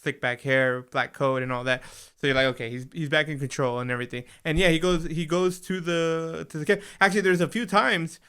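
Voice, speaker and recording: Animated man with a smooth voice. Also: fairly high pitch, a little fast, hardly any pauses. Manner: animated, acts out scenes in quoted voices. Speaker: podcast co-host. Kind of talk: casual chat.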